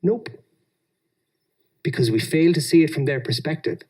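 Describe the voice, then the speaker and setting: A man's voice: a little high, moderate pace, breathy edge. An Australian man giving a talk on engineering leadership, telling workplace stories and acting out the people in them. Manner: animated, acts out quoted people. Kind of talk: storytelling conference talk.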